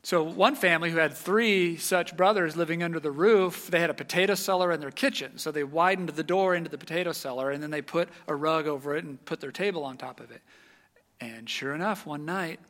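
A man preaching a sermon, telling a story with animated energy and dropping to a hush at the tense moments. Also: on the high side, fairly quick.

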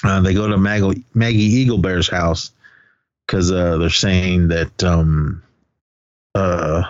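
Male podcast co-host, low voice, casual rambling movie recap, dry lo-fi sound. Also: steady tone, takes it slowly, no echo. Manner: retells scenes with quoted lines and laughs. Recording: dull lo-fi podcast audio.

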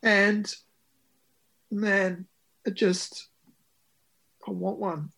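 A man's voice: high voice, flat delivery, very slow, gravelly, sharp tone. A man, a musician talking about his record in an interview, with many ums and restarts. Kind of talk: conversational interview.

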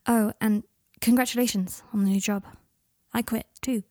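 A woman voicing an earnest, remorseful young man who pleads in a hushed voice, husky and breathy. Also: on the high side, steady tone, moderate pace, no echo, studio quality, lightly acted. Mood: earnest, subdued.

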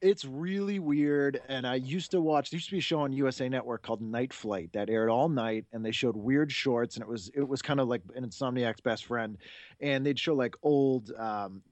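A man's voice: mid-range voice, normal speed, darkish tone, no room sound. Enthusiastic podcast host in his forties, dry sound. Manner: enthusiastic, rambling, laughs often. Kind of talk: casual chat.

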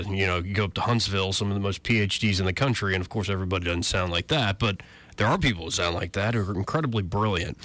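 A man hosts a talk radio show, his voice forceful and full of rises and falls. his political commentary runs sarcastic and cynical. the sound is dry and close, with no room around it. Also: on the low side, no echo. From Alabama. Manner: sarcastic, self-described cynic.

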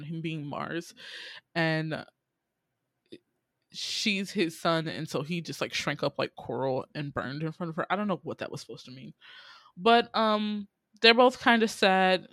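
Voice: medium pitch, no room sound, clean studio sound. Incredulous young podcaster recapping a drama. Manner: animated, incredulous, swears freely, quick asides. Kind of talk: casual chat.

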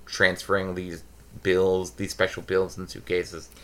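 A man's voice: low voice, monotone, unhurried, bright, forceful tone. An American man co-hosting a podcast, chatting casually about a movie in a rambling, self-interrupting, joking way. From United States. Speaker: podcast co-host. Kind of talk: casual movie review chat.

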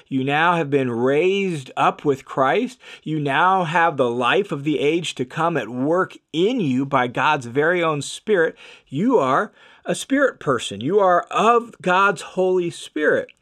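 A man's voice: on the high side, expressive, a little slow, fairly bright tone. A man teaching scripture on a podcast, emphatic and repeating key phrases for stress.

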